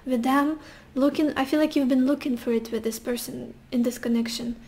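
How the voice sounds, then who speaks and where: A woman's voice: high voice, fairly even intonation, brisk, warm tone. A young woman giving a casual tarot reading, musing intuitively with sassy asides. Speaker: tarot reader.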